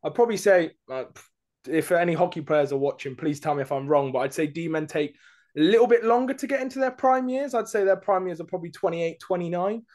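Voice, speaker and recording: A man talks casually on a sports podcast, thinking aloud with frequent ums. His voice sits a little higher than most men's. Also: expressive, fairly quick, a little mellow. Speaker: podcast co-host.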